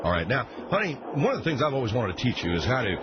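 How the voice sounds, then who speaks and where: A man's voice: mid-range voice, sing-song, very fast, a loud crowd, natural voice. A man playing a folksy, rambling middle-aged mechanic who hosts a call-in car show in a comedy radio sketch. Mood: blustering. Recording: muffled lo-fi, loud background noise.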